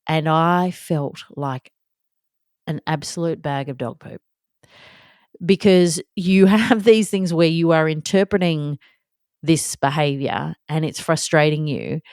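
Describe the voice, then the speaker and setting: A woman in her thirties talks candidly into a close mic, chatty and self-deprecating, acting out little scenes as she goes. Her voice sits low, and the sound is dry and near, with no room around it. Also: a little mellow, no room sound. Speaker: podcast host. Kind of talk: candid solo podcast monologue.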